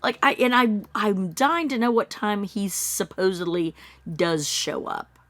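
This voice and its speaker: A woman's voice: a little slow, no room sound. Skeptical woman, dry close voice. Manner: skeptical, animated, acts out quotes in high mocking tones. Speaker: true-crime commentator. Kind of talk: casual true-crime commentary.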